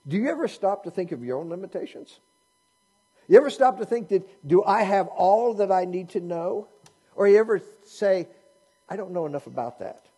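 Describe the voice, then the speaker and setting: A man's voice: a little high, mellow, slightly rough. A man preaching a sermon in a conversational way, asking his listeners many rhetorical questions. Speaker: pastor.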